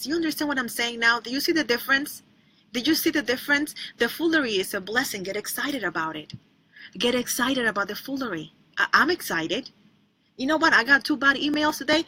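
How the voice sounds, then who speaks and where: Woman preacher, high bright tone, emphatic and repetitive, fervent sermon delivery. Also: fairly quick, poor audio. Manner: emphatic, repetitive, rhetorical questions, breaks into sung snippets.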